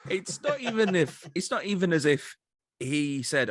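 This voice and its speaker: A man on a podcast joking about a bad movie, often pausing on fillers and acting out quoted lines. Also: fairly high pitch, sing-song, dry recording, clean studio sound. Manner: hesitant fillers, jokey, acts out quotes. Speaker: podcast co-host. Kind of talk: casual comedic movie chat.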